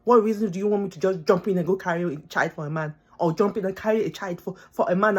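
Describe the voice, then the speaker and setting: Quick and husky, with few pauses, her medium-pitched voice carries an emotional direct-to-camera rant. The young woman, a student vlogger born abroad, pleads passionately and keeps repeating herself for emphasis.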